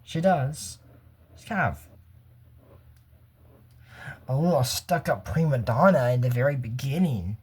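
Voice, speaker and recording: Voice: medium pitch, lively intonation, a little slow, long pauses, a little mellow, husky. Casual YouTube reviewer from the US, chatty and rambling, wanders off-topic, frequent chuckles, unscripted. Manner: rambling, goes off on tangents, chuckles often. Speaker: YouTuber reviewing a cartoon episode. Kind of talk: casual commentary.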